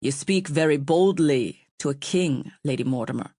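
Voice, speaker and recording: A woman narrator puts on a brash young king from an audiobook, lowering her voice for him. His words come clipped and tight, with a bristling edge, in a dry, close recording. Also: moderate pace, dark tone, no room sound. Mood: tight offended.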